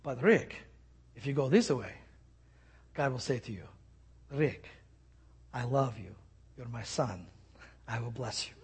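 A man voicing a gentle older male mentor with an Argentine accent, speaking softly and tenderly. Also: mid-range voice, very animated, unhurried, pauses often, husky, full character voice. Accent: Argentine Spanish.

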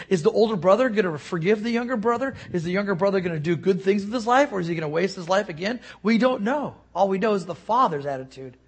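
A male pastor giving a sermon, telling stories earnestly and often dropping to a soft hush. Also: sits high, animated, fast, few pauses, slightly rough.

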